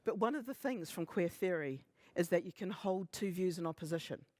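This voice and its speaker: A man in his fifties giving a conference talk, animated and humorous, often acting out other people's remarks. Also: sits high, brisk, dry recording. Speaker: conference speaker. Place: conference stage.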